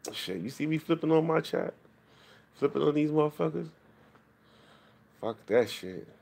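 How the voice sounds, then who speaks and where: A man's voice: fairly high pitch, animated, normal speed, gravelly, a little mellow, slightly rough. A man ranting profanely to his chat on a late-night livestream. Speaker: live streamer. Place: home, at night.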